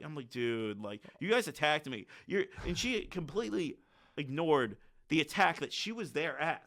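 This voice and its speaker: Bright-voiced man telling a story. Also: fairly high pitch, moderate pace. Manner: animated, acts out quotes. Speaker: podcast guest. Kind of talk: casual storytelling.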